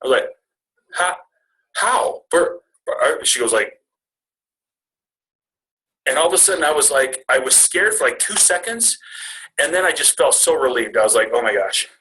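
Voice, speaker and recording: A man's voice: mid-range voice, big pitch swings, moderate pace, long pauses, pushed and bright, rough recording. A man in his twenties telling a personal family story at a retreat, rambling and self-deprecating with jokes. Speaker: speaker at a retreat.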